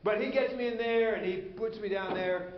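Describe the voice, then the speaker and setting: Brief: middle-aged pastor, raised-pitch voice, conversational sermon storyteller, roomy church echo, slightly dull audio. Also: male voice, normal speed, crowd noise. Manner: storytelling, acts out quoted voices, conversational asides.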